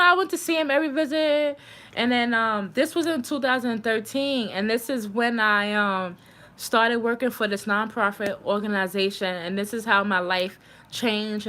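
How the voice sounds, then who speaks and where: A young woman hosting her own livestream, telling a personal story in a casual, animated way. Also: medium pitch. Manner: animated, acts out quoted voices. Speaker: livestream host.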